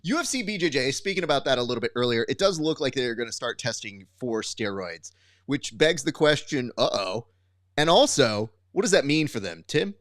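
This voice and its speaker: Guy coach telling funny gym stories, really lively voice, dry sound. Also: mid-range voice, brisk, dry recording. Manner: expressive, acts out quotes, comic exasperation. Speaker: podcast co-host and jiu-jitsu coach. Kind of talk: animated storytelling chat.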